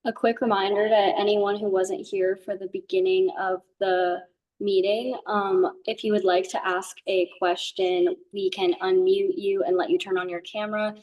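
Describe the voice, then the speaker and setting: A woman moderating an online meeting, giving calm, practical instructions. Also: mid-range voice, normal speed, lo-fi sound. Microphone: video call microphone. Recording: distant mic on a video call.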